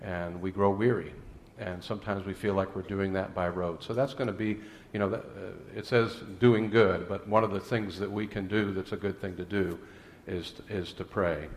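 A man's voice: on the low side, fairly even intonation, normal speed, a little hiss or hum. A man preaching a sermon as pastor, mixing scripture and prayer with folksy jokes and anecdotes, with some fillers and restarts.

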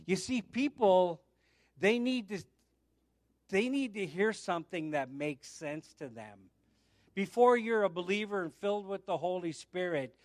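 Middle-aged guy preaching, high voice, tells stories and does everyone's lines, super dry sound. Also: no room sound. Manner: storytelling, acts out the voices in his anecdotes. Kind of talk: sermon with a told testimony.

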